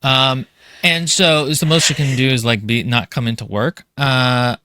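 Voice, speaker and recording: A man co-hosting a casual book podcast, talking in an animated, rambling way with lots of fillers and restarts. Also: mid-range voice, moderate pace, no room sound, studio quality. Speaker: podcast co-host.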